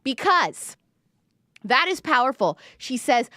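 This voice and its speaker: A young woman giving a casual, animated reaction commentary, acting out quoted lines with big jumps in her voice. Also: mid-range voice, normal speed, no echo, clean studio sound. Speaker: commentator reviewing an album.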